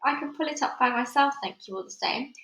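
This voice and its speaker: A woman voicing a calm, loving elderly grandmother, heard in an echoey room. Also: high voice, quick pace, pitched above the performer's own voice. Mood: affectionate. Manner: warm, calm. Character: loving, cool-headed old grandmother.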